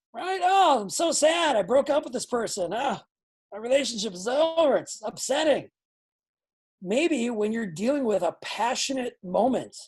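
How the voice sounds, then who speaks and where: A woman teaching a wrestling class, blunt and animated, acting out lines as she speaks. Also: fairly high pitch, slightly rough. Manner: animated, acts out quoted lines; blunt, swears freely. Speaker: wrestling instructor. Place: training academy class.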